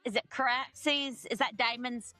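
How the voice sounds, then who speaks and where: A woman's voice: on the high side, fairly even intonation, measured pace, bright, forceful tone, no room sound, faint music behind. A woman co-hosting a podcast, recapping episodes in a rambling, casual way full of "like" and "you know.". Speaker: podcast co-host. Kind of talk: casual chat.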